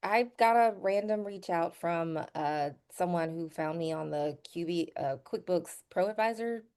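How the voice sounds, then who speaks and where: A woman's voice: on the low side, darkish tone, clear, resonant tone. Hesitant woman asking a question. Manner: hesitant, halting, restarts. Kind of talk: live Q&A question.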